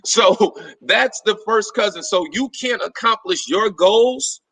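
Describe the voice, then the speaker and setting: A man hosting a book club chat, his voice bright and forceful and sitting a bit high. He tells stories with energy and acts out the lines of the people in them. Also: slow, far from the mic, low-quality recording. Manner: animated storyteller, acts out dialogue with rising pitch. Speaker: book club host, personal trainer. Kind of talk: casual discussion.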